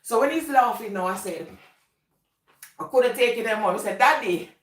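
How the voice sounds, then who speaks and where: A woman's voice: on the high side, a little fast. A woman with a Jamaican accent telling casual, rambling stories and laughing often. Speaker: vlogger. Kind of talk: casual storytelling. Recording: echoey room, voice from a distance.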